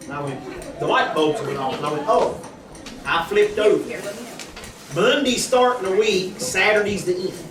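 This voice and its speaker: A man's voice: sits high, normal speed. A man telling a church congregation a personal testimony, acting out the conversations he quotes. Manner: animated storytelling, acting out quoted dialogue. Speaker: husband giving a church testimony. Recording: echoey room from far off with a crowd.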